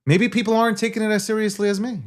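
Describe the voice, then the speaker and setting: A man's voice: high voice, flat delivery, rapid-fire. A man hosting a live crypto stream, talking in a brash, profane, boastful way. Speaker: show host.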